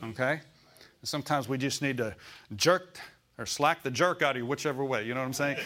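A man's voice: medium pitch, brisk, fairly bright tone. An older man preaching a sermon in a folksy, rambling way, climbing to emphatic declarations when he quotes scripture.

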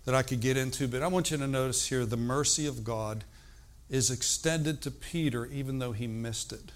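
An older man preaching a sermon, animated and emphatic, moving between loud outbursts and hushed, slow emphasis. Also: mid-range voice.

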